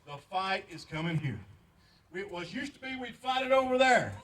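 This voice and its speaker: A man's voice: sits high, big pitch swings, normal speed, fairly bright tone, distant mic. An older man, a veteran giving an impassioned, pleading patriotic speech at a memorial ceremony, repeating lines for emphasis. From United States. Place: outdoor memorial park.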